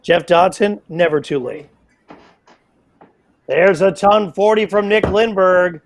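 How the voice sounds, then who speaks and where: A man calling a darts match live as play-by-play commentator, excitable and playful, with self-mocking asides. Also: sits high, slow pace, a little hiss or hum.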